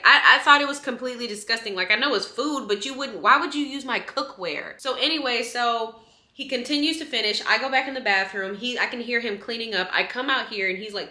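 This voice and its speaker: A young woman tells a storytime tale in a very bright, sharp voice. She chats animatedly, jumping up high when she gets indignant. Her small apartment kitchen gives the sound a roomy echo. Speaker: vlogger. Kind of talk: casual storytime chat. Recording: echoey room.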